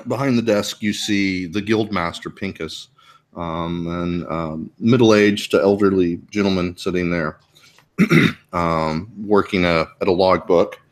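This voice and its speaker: A man narrating a tabletop game as game master, halting with many fillers and throat clearing. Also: low-pitched.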